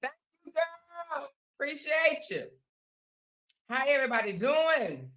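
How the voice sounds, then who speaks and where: A woman with a raspy voice hosting a casual livestream, chatting to her viewers and calling them honey and child. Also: sits high, sing-song, takes it slowly, fairly bright tone. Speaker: livestream host. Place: at home.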